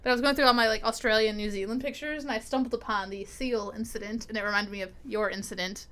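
Bright-voiced young American woman chatting. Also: fairly high pitch, fairly even intonation, fast talker. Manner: rambling storyteller with many likes. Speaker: podcast co-host. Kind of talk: casual chat.

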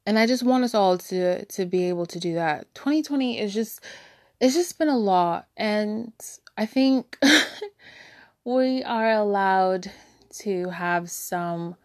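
A woman sharing her feelings in a candid personal monologue, halting and searching for words, becoming emotional. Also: mid-range voice, darkish tone, no room sound, clean studio sound. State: tearful, emotional.

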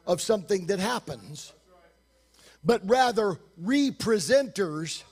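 Fired-up preacher guy, high voice, shouts a lot telling his story. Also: husky. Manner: animated storytelling, often shouting; quick, hushed reading of scripture. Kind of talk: sermon with story.

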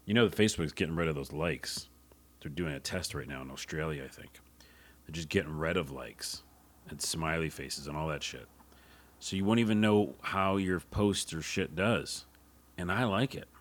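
Deep-voiced rambling male podcast host. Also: moderate pace. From United States. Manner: rambling, offhand, swears casually. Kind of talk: casual solo podcast talk.

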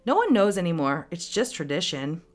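A woman's voice: fairly low pitch, very animated, a little fast, soft background music. A woman doing a kind young girl.

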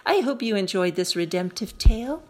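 A woman reading a children's story aloud in a gentle, expressive manner, then closing the story with a short reflection. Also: mid-range voice, moderate pace.

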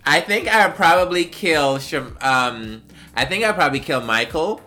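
A woman's voice: low voice, expressive, normal speed, sharp tone, soft background music. A tipsy woman from Jamaica co-hosting a podcast, chatting casually and laughing as she teases. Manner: laughing, playful, teasing. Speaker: podcast co-host. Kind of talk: casual chat.

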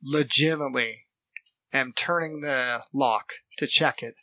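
A man's voice: medium pitch, measured pace, bright, forceful tone, no room sound. A man co-hosting a podcast, talking earnestly in casual chat and acting out what other people say. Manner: earnest, quotes others in put-on voices. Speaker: podcast co-host.

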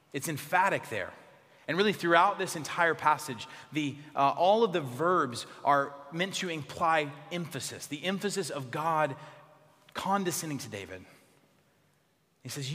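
A man preaches a sermon in a fairly high, bright voice. He moves between raised, emphatic lines and hushed, soft phrases. The sound carries a long reverb from a large hall. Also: measured pace. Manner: expressive preaching, dropping to soft tones for emphasis. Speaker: pastor.

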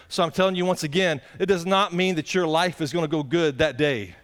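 Man, pastor, high-pitched, conversational sermon, folksy. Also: fairly quick. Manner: folksy, direct questions to the congregation.

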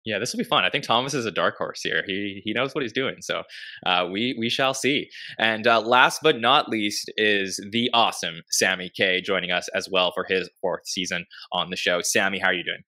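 A man's voice: on the low side, normal speed, pushed and bright. A man hosting a podcast, introducing each guest in an upbeat, casual way. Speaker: podcast host.

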